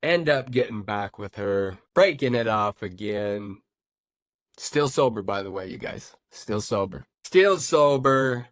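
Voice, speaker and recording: Animated man telling his recovery story. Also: on the low side, a little slow, dry recording. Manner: animated, repetitive, addresses listeners as guys. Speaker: podcast host. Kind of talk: personal storytelling podcast.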